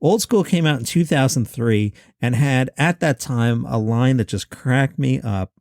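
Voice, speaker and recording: A medium-pitched, somewhat dark male voice comes from a podcast host in his fifties. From a room at home, he chats through movie lists with wry asides. It's a studio-quality recording with no echo.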